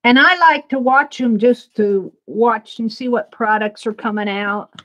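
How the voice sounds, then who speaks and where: While working on her art livestream, a middle-aged woman from the American Midwest keeps up casual, rambling chatter and laughs often. Her voice is fairly high and fairly bright, paced in a measured way.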